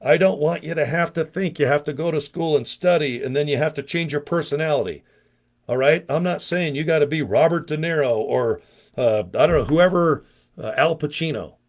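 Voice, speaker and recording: A middle-aged man giving a casual, pushy sales pitch to camera outdoors, talking folksy and checking in with "okay?" and "guys". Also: brisk. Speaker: online business vlogger. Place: outdoors, windy.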